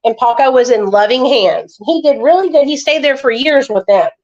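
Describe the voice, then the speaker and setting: A woman's voice: sits high, animated, normal speed, darkish tone, highs cut off. Chatty woman on a phone livestream. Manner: chatty, talks straight to viewers, swears freely. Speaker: livestream host. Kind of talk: casual live chat.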